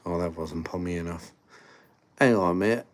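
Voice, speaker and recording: A man's voice: low voice, normal speed, lightly acted. A man voicing a jokey mock-posh Englishman in a put-on English accent, exaggerated and sing-song. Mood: teasing. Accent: fake English, put on by an Australian.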